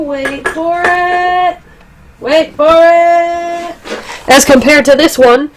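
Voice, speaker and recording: A young woman with a stuffy, congested nose, chatting casually and rambling in a gaming vlog, swearing now and then. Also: medium pitch. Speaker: gaming vlogger. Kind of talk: casual chat.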